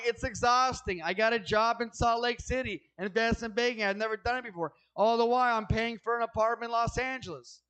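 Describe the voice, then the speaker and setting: A man's voice: very high-pitched, a bit bright, clean tone, rough recording. A man doing a stand-up comedy set, ranting in a profane, agitated way and stammering through restarts.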